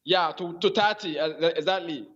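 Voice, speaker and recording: A man from Nigeria, calling into a debate show over a phone and speaking in a hesitant, halting way. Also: high voice, fairly bright tone, husky. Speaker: caller. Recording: muffled phone call.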